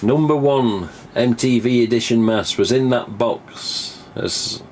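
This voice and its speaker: Slowly and in a mid-range voice, with a little hiss or hum in the recording, an English man runs a live stream. His casual, rambling monologue is full of free swearing and acted-out dialogue from past conversations.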